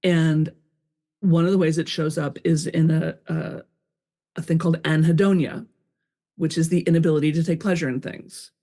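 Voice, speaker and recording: A woman's voice: sits low, fairly even intonation, normal speed, dark tone. A woman guest on a podcast, an author, talking candidly and expressively, acting out her own thoughts in quoted asides. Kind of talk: conversational interview.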